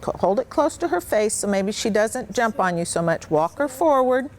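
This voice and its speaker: A woman's voice: mid-range voice, expressive, moderate pace. A woman dog trainer patiently coaching children, with upbeat, sing-song praise. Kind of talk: hands-on instruction to children.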